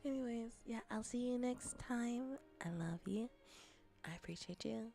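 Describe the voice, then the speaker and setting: A young woman streaming a casual chat as a VTuber and ASMR creator, rambling with restarts and often dropping into soft whispers. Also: fairly high pitch, measured pace, creaky, faint music behind.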